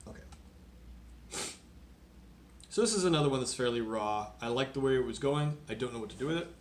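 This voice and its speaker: A man's voice: medium pitch, lively intonation, brisk. A man reading poems aloud on a live stream and chatting casually with his viewers between them. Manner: reads poems aloud with playful rhythm, chats casually with viewers. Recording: roomy sound with faint background noise.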